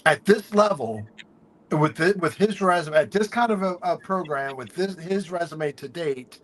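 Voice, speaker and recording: A man's voice: a little high, expressive, normal speed, a bit bright. A man co-hosting a sports talk show, ranting heatedly and swearing often. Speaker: podcast co-host.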